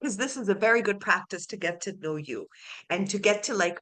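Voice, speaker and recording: A life coach works one to one with a client, acting out the client's inner dialogue and laughing often. Her mid-range voice swings hugely in pitch at a moderate pace.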